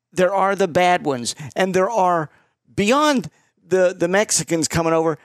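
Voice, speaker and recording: Host: high-pitched man from Florida, opinionated and emphatic, dry close sound. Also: dry recording. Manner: opinionated, emphatic, repeats words. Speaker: podcast host. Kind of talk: casual political chat.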